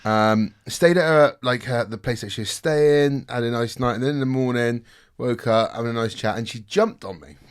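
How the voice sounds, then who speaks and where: A man telling a personal story in casual chat, animated and swearing often, laughing along the way. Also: medium pitch, moderate pace, clean tone. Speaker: podcast guest telling a story.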